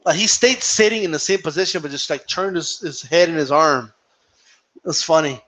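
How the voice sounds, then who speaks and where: A man's voice: on the high side, moderate pace, pushed and bright. A young man chatting casually on a live boxing stream, laughing a lot, swearing freely, and slipping into Spanish when he quotes fighters. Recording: dull lo-fi stream audio.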